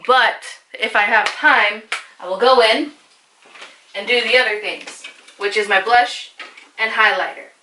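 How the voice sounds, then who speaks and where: A woman's voice: a little high, unhurried, pauses often, noisy background. A young woman talking through her makeup routine in a casual, chatty way, with lots of "like" and self-mocking asides. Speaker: beauty vlogger. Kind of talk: casual makeup tutorial voice-over.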